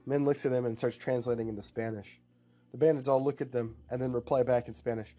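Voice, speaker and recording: A man's voice: medium pitch, steady tone, fast, dark tone, soft background music. A man casually improvising a story aloud, rambling with fillers.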